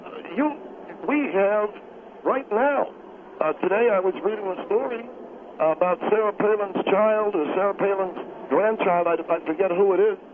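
A man's voice: sits high, normal speed, pitched above the performer's own voice, lightly acted. A man doing a wheezy, pompous heavyset spokesman on the phone. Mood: rambling. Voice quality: breathless, indignant and wheezy. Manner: stammering, flustered, self-important. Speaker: studio guest on phone. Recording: tinny phone line with hiss.

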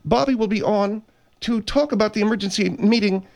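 Deadpan teasing man on a radio show. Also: high-pitched, brisk. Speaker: radio show staff member. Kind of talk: comedic talk radio banter.

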